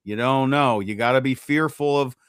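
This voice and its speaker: A man co-hosting a casual podcast chat, animated and repeating himself as he talks, on a close mic. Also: medium pitch, moderate pace, clean tone, no echo. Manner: animated, repeats words, trails off. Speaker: podcast co-host.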